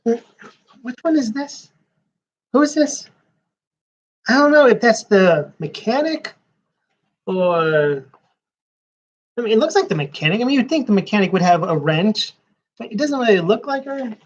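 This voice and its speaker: A man's voice: high-pitched, very animated, measured pace, pauses often, highs cut off. A man giving rambling live-stream commentary while flipping through a comics preview magazine, with sarcastic asides.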